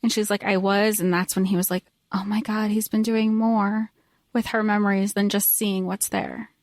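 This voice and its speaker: A woman's voice: medium pitch, flat delivery, moderate pace, dry recording, clean studio sound. A woman co-hosting a casual fan podcast, speaking earnestly and emotionally and laughing easily. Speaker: podcast co-host.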